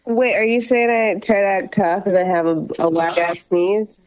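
A woman's voice: medium pitch, steady tone, moderate pace, a little mellow. A young woman co-hosting a podcast over a phone call, casual, brash and swearing. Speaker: podcast co-host. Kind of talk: casual chat. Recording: dull dry phone audio.

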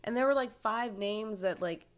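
A young woman chatting on a podcast, telling lively stories with laughter. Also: mid-range voice, moderate pace, smooth. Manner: animated storytelling with laughter and quoted voices. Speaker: podcast guest. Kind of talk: casual chat.

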